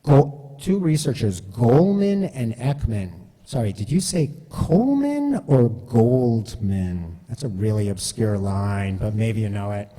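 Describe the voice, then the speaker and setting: Male speaker, mellow tone, animated storytelling, hall reverb. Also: lowish voice, slow. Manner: chatty, self-deprecating, animated. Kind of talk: storytelling talk.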